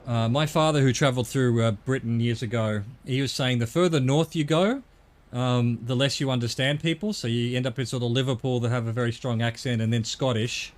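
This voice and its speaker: A man's voice: mid-range voice, fairly quick. A middle-aged man with an Australian accent chatting casually on a gaming stream, rambling and swearing now and then.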